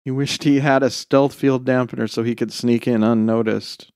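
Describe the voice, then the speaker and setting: A man narrating a short story in a measured, expressive storytelling delivery. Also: mid-range voice, clear, resonant tone, no room sound, clean studio sound. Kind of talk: scripted narration.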